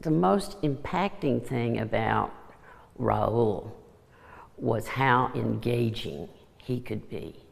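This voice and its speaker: An older retired woman recalling a case in an interview, speaking in a slow, grave and emphatic way. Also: a bass voice, expressive, gravelly, long reverb tail. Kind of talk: interview recollection.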